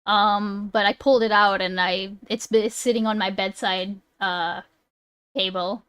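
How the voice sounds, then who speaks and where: A woman's voice: mid-range voice, steady tone, measured pace, fairly bright tone, clear, resonant tone, no echo, clean studio sound. A woman streamer chatting casually, swearing and laughing as she fumbles over a word. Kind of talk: casual live-stream chat.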